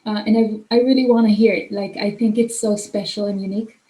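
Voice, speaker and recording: A woman's voice: medium pitch, steady tone, brisk, mellow, reverberant, low-quality recording. A young woman with a non-native command of English hosting a casual mentoring workshop, effusive and chatty with many fillers. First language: not English. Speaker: host of a mentoring clinic. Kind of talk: casual online workshop talk.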